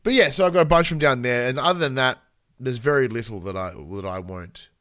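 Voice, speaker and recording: A man's voice: medium pitch, fairly quick, a bit bright, no echo. Aussie guy rambling thru a story on a podcast, lots of uhs, dry close mic. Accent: Australian. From Australia. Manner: rambling, self-deprecating storyteller with many fillers. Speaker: podcast co-host. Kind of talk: casual chat.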